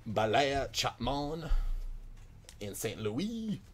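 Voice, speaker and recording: A man's voice: mid-range voice, very animated, drawn-out words, a little hiss or hum, voice pushed up. A man putting on a comic accent as a jolly hockey-player persona, chuckling "ho, ho" as he speaks as the players. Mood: jokey. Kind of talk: mock-accent card commentary.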